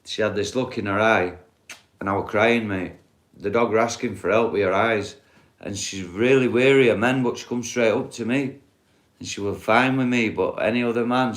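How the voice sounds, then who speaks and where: A middle-aged man, talking bluntly and swearing as he rambles through a casual live stream chat. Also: fairly low pitch. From England. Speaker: livestreamer.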